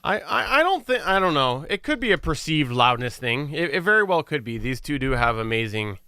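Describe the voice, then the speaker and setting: Bright, crisp-voiced man sound-checking. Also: on the high side, sing-song, fairly quick, dry recording. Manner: rambling, troubleshooting aloud. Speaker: podcast host. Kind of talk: casual chat while sound-checking.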